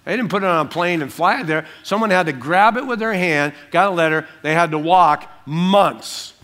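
A man, a pastor preaching a sermon and teaching through a passage verse by verse, breaking into small acted-out scenes in softer voices. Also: sits high, normal speed. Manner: animated, acts out little scenes in dropped voices.

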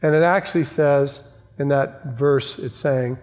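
A man's voice: medium pitch, unhurried, darkish tone. Man preaching a sermon in a reverberant hall. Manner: emphatic preaching with repeated phrases and asides to the congregation. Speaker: pastor. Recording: long church reverb.

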